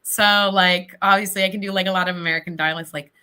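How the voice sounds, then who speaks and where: Woman actor from southern Ohio, bright and forceful voice, chatty livestream guest. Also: fairly low pitch, fairly even intonation, clean tone. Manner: chatty, talks in quick bursts with many fillers. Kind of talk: casual livestream interview.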